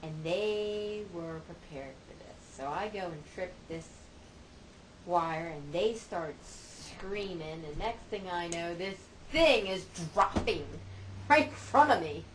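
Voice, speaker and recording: A middle-aged mother tells family anecdotes in a playful, self-mocking way, taking her time over each phrase. Her voice sits a little low. A steady noise runs under the amateur recording. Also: slow, low-quality recording. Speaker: mother telling family stories. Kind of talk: casual storytelling monologue.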